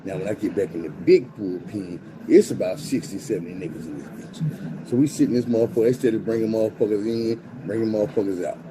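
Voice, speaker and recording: A man tells a story in casual, profane street slang, acting out quotes with animated swings in his voice. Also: on the low side, fast talker, background noise.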